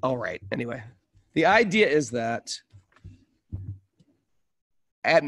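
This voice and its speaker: A man co-hosting a casual spiritual podcast chat, telling lively stories and acting out the voices of the people in them. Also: medium pitch, takes it slowly, no room sound, clean studio sound. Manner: animated storyteller, acts out voices. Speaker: podcast co-host.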